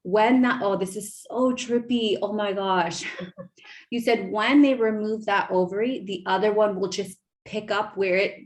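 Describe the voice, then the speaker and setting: A woman in her thirties, a podcast host, telling a personal story in a gushing, animated way with many fillers. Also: mid-range voice, measured pace. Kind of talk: emotional casual storytelling.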